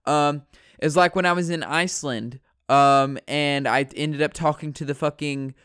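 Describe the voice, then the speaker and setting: A man's voice: on the high side, steady tone, moderate pace, a bit bright, smooth, no room sound, studio quality. A man from the United States chatting in a rambling, profane way, correcting himself as he goes. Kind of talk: casual rambling chat.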